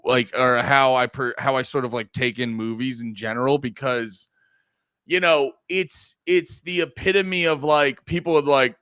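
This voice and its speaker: A young man co-hosting a podcast, chatting casually and excitedly about films, swearing freely. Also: medium pitch, moderate pace, clear, resonant tone, no room sound. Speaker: podcast co-host. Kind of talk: casual film chat.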